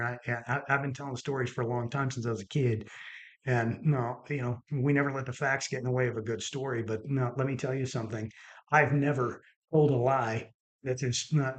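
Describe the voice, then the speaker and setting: Hosting his own podcast, a middle-aged doctor with a medium-pitched voice tells stories casually but earnestly. He often repeats words to drive a point home.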